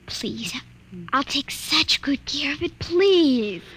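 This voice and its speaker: A woman playing a willful, excitable little girl who pleads and whines, in 1940s radio-play style, with a noisy old recording. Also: high voice, takes it slowly, heavily acted.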